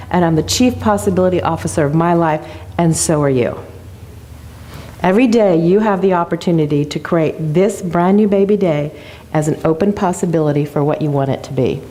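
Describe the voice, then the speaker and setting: A woman's voice: lowish voice, a little fast, warm tone. A woman guest speaker giving an enthusiastic motivational talk in a church, telling a joke story. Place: church sanctuary.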